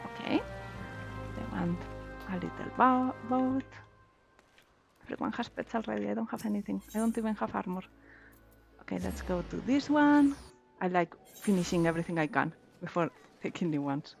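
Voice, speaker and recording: Giggly woman, casual game stream chatter, mid pitch, faint music behind. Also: lively intonation, normal speed, vocal fry, long pauses, highs cut off. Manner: giggly, chatty, thinking aloud.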